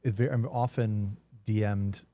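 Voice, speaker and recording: A man with a low, mellow voice talks through his thoughts on a podcast. He sounds earnest and reflective and often restarts mid-sentence as he looks for the right words. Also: steady tone, unhurried. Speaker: podcast guest. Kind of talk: casual conversation.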